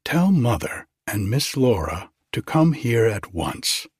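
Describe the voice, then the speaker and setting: A man's voice: medium pitch, sing-song, slow pace, breathy edge, dry recording, studio quality, exaggerated voice. A man reading aloud, voicing a bossy young woman who loves giving orders with theatrical flair. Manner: commanding, theatrical.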